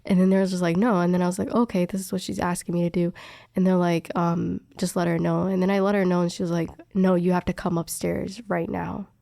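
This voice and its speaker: A woman's voice: lowish voice, quick pace, gravelly, dry recording, studio quality. A young woman in a casual chat, telling a workplace story and acting out the dialogue, with lots of fillers. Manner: animated, acts out quoted dialogue, many fillers. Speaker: respiratory therapist telling a story.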